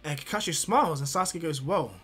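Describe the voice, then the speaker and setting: A man's voice: fairly high pitch, steady tone, a little fast, pushed and bright, faint music behind. A man improvising a fan fiction story aloud, rambling with many fillers and restarts.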